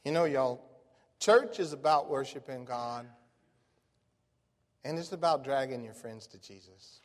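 A man, a pastor preaching a sermon in a folksy, animated storytelling way. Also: mid-range voice, unhurried. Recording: long reverb of a large hall.

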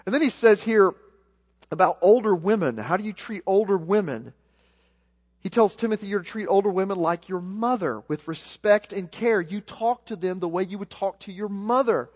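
A Southern American man preaches a sermon with earnest conviction, often repeating words as he builds toward a point. His voice sits high for a man. It rings out with the long reverb of a large church hall. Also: normal speed, a little mellow. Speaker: pastor.

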